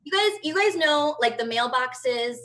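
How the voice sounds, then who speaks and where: Brash, bright-voiced woman comic. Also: sits high, expressive, a little slow, low-quality recording. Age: 30s. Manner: brash, profane, chatty storytelling. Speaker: stand-up comedian. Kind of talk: stand-up routine over video call. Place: at home.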